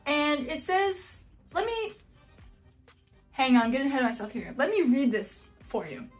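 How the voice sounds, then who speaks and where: A woman with a high, light voice hosts a casual reaction video. She talks bluntly and jokingly, breaking into frequent surprised exclamations, with faint music in the background. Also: big pitch swings, normal speed. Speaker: YouTube host reacting to house listings.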